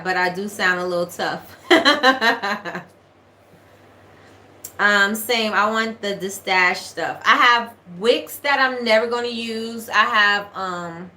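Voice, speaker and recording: Bright-voiced New York woman chatting live. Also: mid-range voice, reverberant. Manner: chatty, repeats herself, reads out viewer comments. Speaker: livestream host, candle maker. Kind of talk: casual livestream Q&A. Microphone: webcam or phone livestream.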